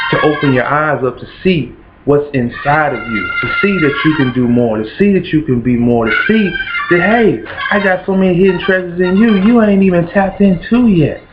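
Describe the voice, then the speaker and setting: A Kentucky man with a matching accent hosts, preaching motivationally in a rhythmic, repetitive cadence. His voice is fairly high and his pace moderate. The dull lo-fi recording has music playing behind him.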